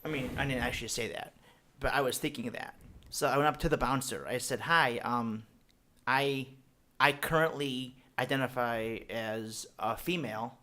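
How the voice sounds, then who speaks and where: A man's voice: mid-range voice, normal speed. A young man, a podcast guest, telling jokey stories in casual chat. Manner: animated, jokey, puts on voices in anecdotes. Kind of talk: casual comedic storytelling.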